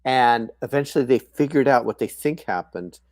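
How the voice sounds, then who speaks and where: Older man telling a story, halting. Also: medium pitch, lively intonation, dry recording. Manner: halting, peppered with "you know" and "um". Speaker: guest, foster and adoptive father. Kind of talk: casual conversational storytelling. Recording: dry close sound.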